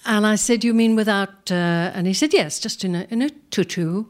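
Older woman spinning lively stage anecdotes. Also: medium pitch, normal speed. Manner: animated, acts out quoted speech, laughs often. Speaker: performer telling career stories. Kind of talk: anecdotal storytelling to a live audience.

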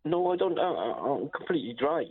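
A man's voice: on the high side, expressive, fast, breathy edge, dry recording. A man calling a radio phone-in, a bit drunk, rambling and hesitant as he searches for words. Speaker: caller. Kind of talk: phone-in call. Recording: tinny phone line.

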